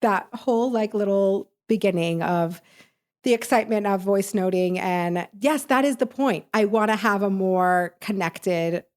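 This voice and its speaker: A woman's voice: medium pitch, measured pace. A woman hosting a podcast, responding effusively to listener messages with many fillers. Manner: warm-hearted and effusive, lots of filler words. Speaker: podcast host. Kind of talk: podcast commentary.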